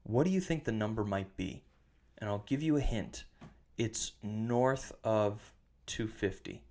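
A man's voice: lowish voice, unhurried, warm tone. Podcast co-host, male, casual chat, steers the talk and reads off numbers. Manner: leads the segments, reads out stats.

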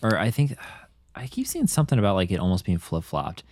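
A man with a low voice that swings widely in pitch, talking casually as a podcast co-host. He is animated and slips into quoted voices as he talks. The sound is close and dry. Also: quick pace, no echo. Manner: animated, acts out characters' lines in quotes. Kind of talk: casual chat.

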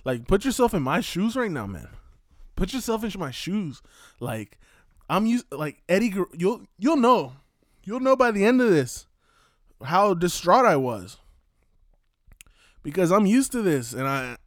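A man with a slightly higher voice recounts wrestling history in a casual, animated way. He laughs often and mixes in Spanish words. The sound is dry and close. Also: dry recording. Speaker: wrestling fan commentator. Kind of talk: casual storytelling.

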